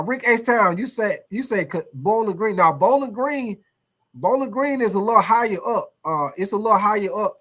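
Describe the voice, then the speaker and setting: A man's voice: high voice, fairly bright tone. A man hosting a casual sports livestream, reading chat comments aloud in a loose, repetitive way, swearing and laughing often.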